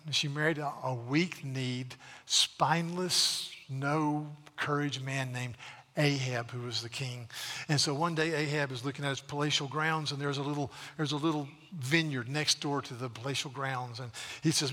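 A man's voice: mid-range voice, steady tone, moderate pace, sharp tone, in a large hall. A man preaching a sermon, dramatically retelling scripture stories, with frequent restarts. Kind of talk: sermon storytelling.

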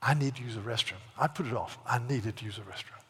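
A man's voice: medium pitch, fast, sharp tone, breathy edge. A man who is a Baptist pastor, preaching a sermon in a folksy, storytelling way that builds to emphatic preaching. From South Carolina, USA. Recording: long reverb of a large hall.

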